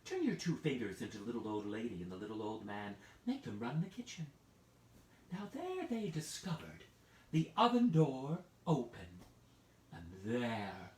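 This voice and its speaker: A man telling a children's story live online, playful, and prompting listeners to act along. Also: mid-range voice. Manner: playful, lively, addresses listeners with hand-play prompts. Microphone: video call. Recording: roomy, distant from the mic.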